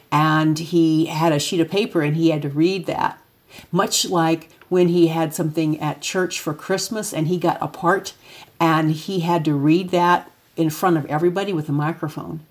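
A middle-aged woman with a deep, husky voice tells loose, chatty stories about parenting. She talks to an audience as she moves through photos, sometimes acting out her son's lines. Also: a little mellow. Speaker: parent giving a talk. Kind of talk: casual spoken talk with photos.

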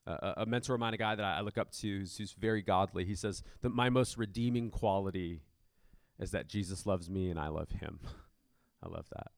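A man's voice: sits low, brisk, no room sound, studio quality. A man preaching a conversational sermon as pastor of a church, with many fillers and restarts.

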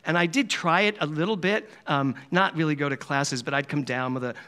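A man's voice: fairly high pitch, brisk, pushed and bright. A man from Philadelphia giving a Sunday sermon in a chatty, storytelling way, often laughing. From Philadelphia, USA. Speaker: minister giving a Sunday talk. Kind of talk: conversational sermon. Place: church service hall.

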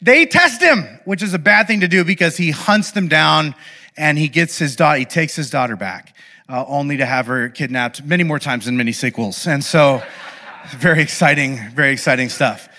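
Bright, lively, high-voiced man speaking. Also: moderate pace. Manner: animated, playful, with asides that check in with the audience. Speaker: speaker addressing an audience. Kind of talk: lively talk to a live audience.

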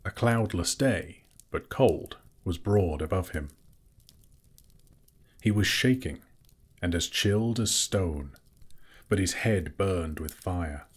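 A man narrating a fantasy audiobook in a measured, steady storytelling manner. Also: low voice, slightly rough.

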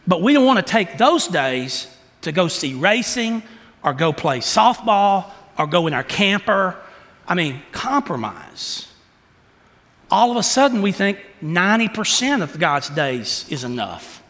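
Man, pastor, sermon, rhetorical questions, acted-out quotes, bright tone, long hall reverb. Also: sits high, sing-song, a little slow.

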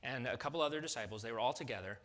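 A man pastor giving a sermon in a lively, conversational way, often checking in with his listeners. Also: medium pitch, rapid-fire.

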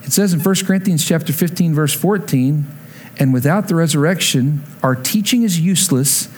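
A man preaching a sermon to a congregation, telling his own conversion story and climbing to emphatic peaks before dropping low and slow. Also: slight background noise. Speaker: pastor. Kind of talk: sermon with personal testimony. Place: church sanctuary before a congregation.

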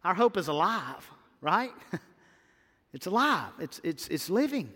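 A man's voice: high voice, very animated, a little slow, bright, forceful tone, slightly rough. A man pastor preaching an Easter sermon in a church, fervent and emphatic, often stammering and repeating words as he builds. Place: church sanctuary. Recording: long church-hall reverb.

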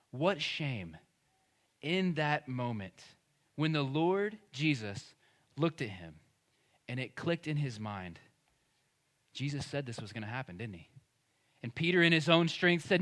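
A man's voice: mid-range voice, sing-song, unhurried, long pauses, a bit bright. A man, preaching a sermon as pastor in a conversational, emphatic way. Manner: conversational and emphatic, acting out quoted speech.

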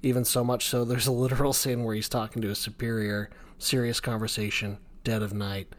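A young man chats casually on a podcast, cracking self-mocking jokes and rambling as he goes. His voice sits mid-pitch and he doesn't sound rehearsed. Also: level tone, brisk. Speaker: podcast co-host.

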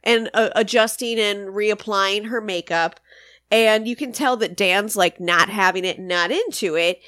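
A woman's voice: mid-range voice, unhurried, a bit bright, no room sound, studio quality. A woman co-hosting a podcast, recapping a sitcom episode in casual, emphatic chat. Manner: chatty, emphatic, swears casually. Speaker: podcast co-host.

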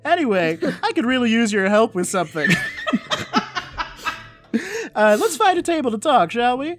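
A man voicing a chatty, flattering male wizard author who rambles with lots of fillers. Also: very high voice, moderate pace, background noise, voice pushed up. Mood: fawning. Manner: gushing, rambling, full of fillers.

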